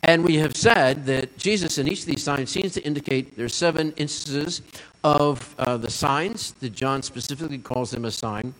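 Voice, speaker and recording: A man's voice: a little high, moderate pace, a bit bright, big-room sound, poor audio. A man preaching a sermon as pastor, earnest, asking the listeners questions and repeating lines for emphasis.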